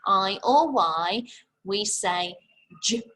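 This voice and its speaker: A young English woman teaching a phonics lesson to young children, sounding out letters slowly and praising them warmly. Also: mid-range voice, animated, rough recording. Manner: slow, exaggerated sounding out of letters; encouraging and praising. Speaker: infant school teacher.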